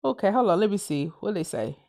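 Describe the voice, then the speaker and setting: A woman with a Southern US accent hosting a casual livestream, ranting loudly, cursing and laughing as she talks. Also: mid-range voice, expressive, quick pace, gravelly. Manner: loud, profane and laughing. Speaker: livestream host.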